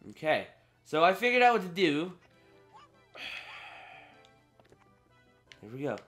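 This teenage boy hosts a gaming channel, giving casual let's play commentary to his viewers while getting frustrated and swearing. His fairly high voice swings widely in pitch, sounds a bit bright, and moves slowly. Game music plays behind him.

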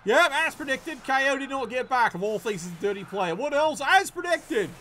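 A man commentating a tabletop-style video game match casually, excitable and profane, stammering when worked up. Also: very high-pitched, normal speed, slight background noise.

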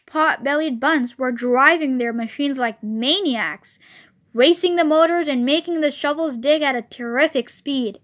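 A woman's voice: sits high, bright, forceful tone. A woman reading a children's storybook aloud expressively, as a storyteller.

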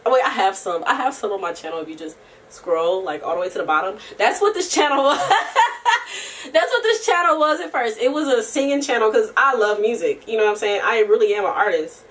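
Young woman, casual vlog chat, rambling, slangy, profane, laughs a lot, somewhat high voice, very lively pitch. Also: fairly quick, recorded from a distance. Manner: breaks into soft singing. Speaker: vlogger.

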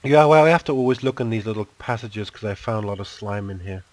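A man's voice: fairly low pitch, fast, no room sound. A man chatting casually while playing a video game with a friend, rambling and often restarting his sentences. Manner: rambling, self-interrupting, laid-back. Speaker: channel host, game player. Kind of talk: casual gameplay chat.

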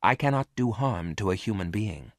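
A man reading a story aloud and voicing a calm, logical male robot who speaks quietly and softly. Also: on the low side, normal speed, no room sound, clean studio sound, close to an everyday voice. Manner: quiet, soft, flat and logical.

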